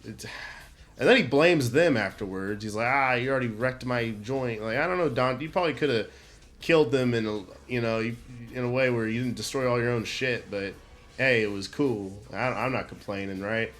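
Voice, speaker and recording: A man's voice: medium pitch, moderate pace, fairly bright tone. Man, comedic game ranter; profane, rambling, mock-indignant, exaggerated. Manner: stammering restarts, goofy exaggeration. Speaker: channel host. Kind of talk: comedic video game rant.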